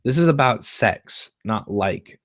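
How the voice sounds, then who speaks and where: A man's voice: medium pitch, lively intonation, takes it slowly, no echo, clean studio sound. A man reading the part of an anxious, earnest teenage girl who stammers and pleads. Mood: flustered.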